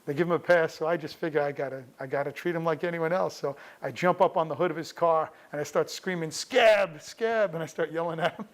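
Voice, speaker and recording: A man's voice: on the high side, fairly even intonation, quick pace, few pauses. A middle-aged man recalling his father in casual, anecdotal storytelling, often restarting his sentences. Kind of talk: personal storytelling.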